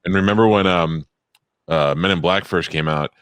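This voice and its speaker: A man's voice: low voice, fairly bright tone, clear, resonant tone, dry recording. A middle-aged man, a co-host swapping crude stories in casual chat. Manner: fast, crude storytelling.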